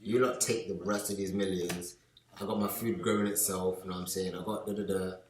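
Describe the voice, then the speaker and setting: Deep-voiced young man, casual slang. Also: fairly quick. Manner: slangy, animated when acting out friends. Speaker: podcast co-host. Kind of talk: casual chat. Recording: echoey room.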